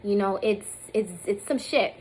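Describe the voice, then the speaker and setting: A woman's voice: medium pitch, normal speed, darkish tone, a little hiss or hum, rough recording. A woman in her thirties vlogging to camera in a candid, rambling way, with a lot of fillers, at times close to tears. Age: 30s. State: emotional, near tears at times. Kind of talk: casual heartfelt talk to camera. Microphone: phone or camera on self.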